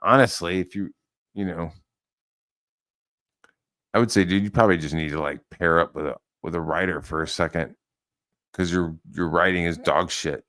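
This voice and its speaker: A man's voice: low-pitched, moderate pace, long pauses, a bit bright. A man delivering a profane, heated rant as an online commentator, swearing freely and mocking his target.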